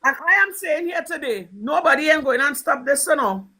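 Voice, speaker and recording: A woman's voice: high-pitched, animated, fairly quick, pushed and bright, low-quality recording. A Trinidadian woman talking politics on a live stream with fervent emphasis, repeating her points. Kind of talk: impassioned political talk.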